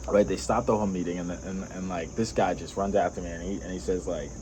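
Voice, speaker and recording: A man's voice: deep voice, fairly even intonation, quick pace, darkish tone, a little hiss or hum, poor audio. A young man vlogging, telling a personal story in a rambling way, full of fillers and laughs.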